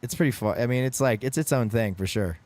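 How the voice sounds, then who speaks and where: A man's voice: mid-range voice, fast, darkish tone. A man in a band chatting casually on a stream, teasing and playful, bossy when coaching. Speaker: band member co-hosting a stream chat. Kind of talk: casual chat.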